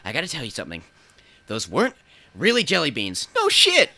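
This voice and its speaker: A man trades casual movie banter as a podcast co-host. His voice is bright and forward, and his pitch swings widely as he talks. The sound is dry and close to the mic. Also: fast talker, creaky, dry recording. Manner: animated, jumps into high-pitched impressions.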